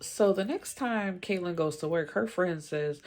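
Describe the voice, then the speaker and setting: A woman with a low voice talks through a movie's plot in a loose, chatty way, leaning on "like" and "you know". She sounds opinionated and exasperated with the characters, tossing in slangy asides as she goes. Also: moderate pace, few pauses, darkish tone. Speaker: movie reviewer. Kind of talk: casual movie recap.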